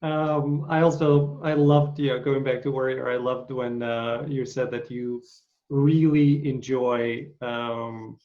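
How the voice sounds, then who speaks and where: A man in a middle-pitched voice hosts a casual interview, feeling his way into each question with lots of ums and uhs. His voice comes through dull and lo-fi. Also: little pitch movement, slow. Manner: hesitant, lots of fillers and backchannel. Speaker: podcast host, interviewer.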